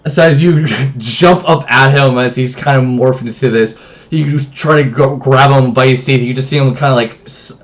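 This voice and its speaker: A man runs a tabletop game as game master, narrating and chatting loosely with many restarts. His voice is mid-range, with fairly even intonation and a normal speed.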